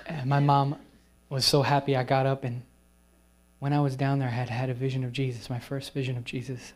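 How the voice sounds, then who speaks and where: A man preaching as a guest speaker at a retreat, telling a personal testimony and slowing down for soft, emphatic phrases. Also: mid-range voice, level tone, slight background noise. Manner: acts out quoted people in whispers and raised voices. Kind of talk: sermon storytelling at a retreat.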